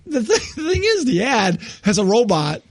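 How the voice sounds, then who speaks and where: A man's voice: very high-pitched, wildly swooping pitch, normal speed, dry recording, clean studio sound. A man in his sixties co-hosting a casual comedy podcast, who keeps laughing as he reads posts aloud. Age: 60s. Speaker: podcast co-host.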